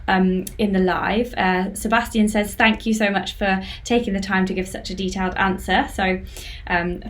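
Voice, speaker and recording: Chatty woman hosting a live stream. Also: mid-range voice. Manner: chatty, reads out viewer comments. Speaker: podcast host.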